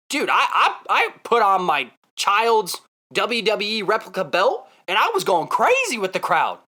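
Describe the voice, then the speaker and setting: A man vlogging casually, telling a story in an excitable, emphatic way and repeating himself for effect. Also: high-pitched.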